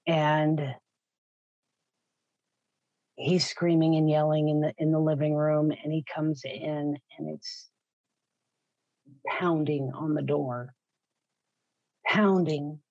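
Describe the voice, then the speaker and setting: A woman's voice: low-pitched, little pitch movement, slow pace, long pauses, a little mellow, no echo. A middle-aged woman giving a raw, blunt personal testimony in an interview, swearing freely. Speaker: guest sharing her story. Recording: slightly muffled, dry recording.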